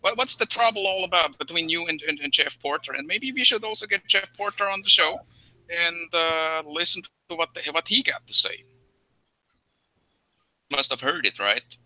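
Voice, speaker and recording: A man on a live online call-in show, asking questions in a halting, repetitive way. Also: a little high, animated, sharp tone, no room sound, low-quality recording. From Philippines. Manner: halting, repeats himself while framing questions. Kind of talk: casual chat.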